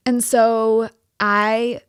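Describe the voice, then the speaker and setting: A woman's voice: fairly high pitch, very slow, clean tone, no room sound, studio quality. A young woman co-hosting a podcast, telling a story in a casual chat and acting out the people in it with giggles. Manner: animated storyteller, acts out quoted voices with giggles. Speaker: podcast co-host.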